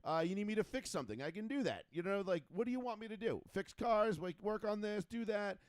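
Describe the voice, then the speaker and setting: A man's voice: high voice, expressive, fairly quick, no room sound. A man hosting a casual talk show, bantering in a brash, joking, boastful way. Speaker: podcast host. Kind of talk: casual chat.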